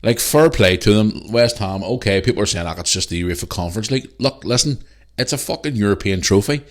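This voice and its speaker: Male podcast host, lowish voice, heated sweary solo rant. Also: a little fast.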